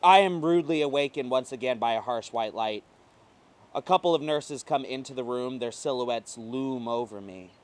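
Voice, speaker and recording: A man reads a first-person short story aloud. His pitch sits in the middle of the usual range for men. His delivery is emotive, dropping low and hushed and then rising hard. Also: normal speed. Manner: emotive, swinging between quiet and intense. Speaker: reader.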